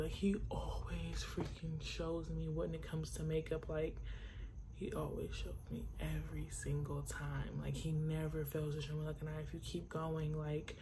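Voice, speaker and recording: Young woman, makeup tutorial host, low pitch, gravelly at times, casual chatty delivery, enthusiastic, talks to viewers. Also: noisy background. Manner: chatty, fills speech with "like", swears casually.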